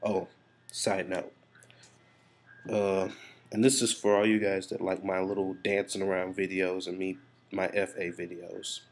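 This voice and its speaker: A man's voice: low voice, little pitch movement, unhurried, pauses often. A man talking to camera in a frank, rambling confessional vlog, stressed and frustrated, swearing freely as he talks things through. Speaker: vlogger.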